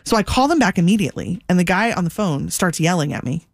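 Animated woman telling a story, dry sound. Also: on the low side, fast, no room sound. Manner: animated, lots of "like", acts out quotes. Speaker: podcast co-host. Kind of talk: casual storytelling chat.

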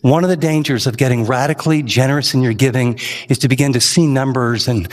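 A man's voice: medium pitch, steady tone, quick pace. Man preaching in a big echoing hall. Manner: earnest, emphatic preaching with rising questions. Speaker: pastor. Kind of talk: sermon.

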